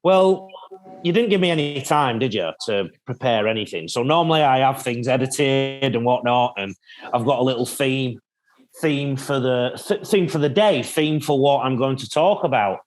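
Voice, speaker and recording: A man's voice: mid-range voice, faint music behind, rough recording. A man with an English accent, a rugby league analyst chatting casually and joking at his own expense from a hotel room. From England. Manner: chatty and jokey, quick to laugh at himself. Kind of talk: casual chat.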